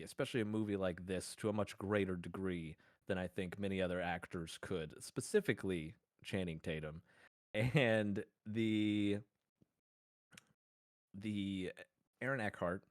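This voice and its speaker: Speaking in a low voice, a podcast co-host argues playfully as though in court, rambling in a mock-formal way and laughing frequently. It's a dry, studio-quality recording of a casual mock-courtroom exchange.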